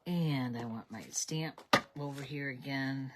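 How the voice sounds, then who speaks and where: Speaking a little slowly in a bass voice, a woman chats through a card-making livestream, narrating every step at her craft table. Heavy background noise fills the recording.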